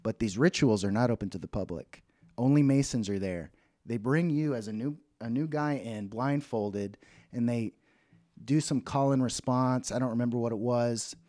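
A man's voice: mid-range voice, normal speed, warm tone, dry recording, studio quality. A man co-hosting a podcast in casual chat who rambles, restarts his sentences and laughs often. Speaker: podcast co-host.

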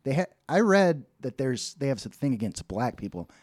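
A man in a loose podcast chat, his voice mid-pitched and recorded close and dry with no room sound. He wanders through his thoughts, breaks off mid-word to start over, and keeps laughing. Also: big pitch swings, brisk, darkish tone, no room sound. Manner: rambling, laughs often, trails off and restarts. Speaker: podcast co-host. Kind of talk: casual chat.

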